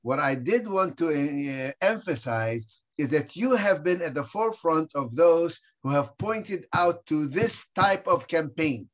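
A man moderating a webinar over a video call, speaking in a measured way with frequent hesitations. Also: on the high side, lively intonation, fairly bright tone. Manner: hesitant, many uhs. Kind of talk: measured commentary.

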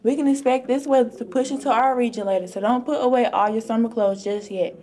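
A teenage girl, a student weather anchor, reading a scripted forecast at a steady pace. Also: fairly high pitch, fast. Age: teens.

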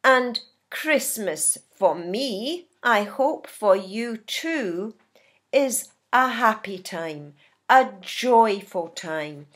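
A woman from Scotland teaching an English lesson on feeling words, speaking deliberately and acting out example sentences. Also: medium pitch, expressive, a bit bright. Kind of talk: slow classroom English lesson. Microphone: filmed speaking, writing on a board.

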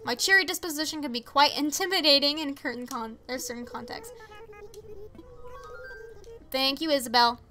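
Teen girl streamer, high bright voice, chatty, reads chat and reacts to game characters. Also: moderate pace, long pauses, soft background music. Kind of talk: casual live-stream chat while gaming.

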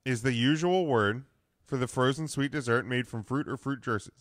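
A man's voice: medium pitch, normal speed, no room sound, clean studio sound. A man co-hosting a podcast, chatting casually in a laid-back, rambling way and swearing now and then. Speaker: podcast co-host. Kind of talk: casual chat.

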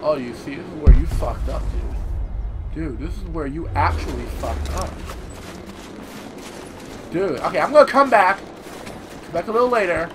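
A man's voice: fairly high pitch, expressive, moderate pace, long pauses. A man giving profane, frustrated commentary while playing a game. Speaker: gaming channel host. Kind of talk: gameplay commentary. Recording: game music behind the voice.

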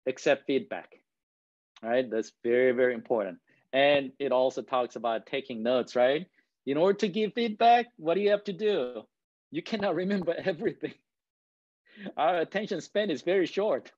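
A guest speaker whose first language isn't English gives a presentation, his voice a little high with a darkish tone. He keeps it conversational, frequently asking "right?" and chuckling at himself now and then. The audio is dull, with no room sound.

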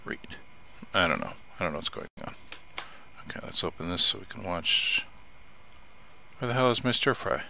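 A man with a low, gravelly voice and a bright, edgy tone chats his way through a survival game. He mutters to himself between actions and swears when something startles him. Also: animated, normal speed, long pauses, slight background noise. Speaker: let's play host. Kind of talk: casual gameplay commentary.

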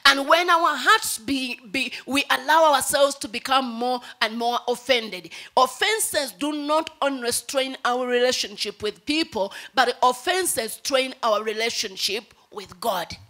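Bright, high-voiced woman pastor preaching. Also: a little slow, few pauses. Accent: Ugandan English. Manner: preaching, acts out a baby's pleas in quoted lines. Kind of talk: sermon.

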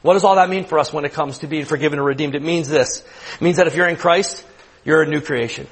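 A man in his thirties with a high, husky voice gives a youth sermon. He preaches conversationally, often repeating a word before finishing a thought and checking in with his listeners. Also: fast talker, low-quality recording. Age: 30s. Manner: conversational preaching, repeats words, asks the room questions. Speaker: youth pastor. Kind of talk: sermon to students.

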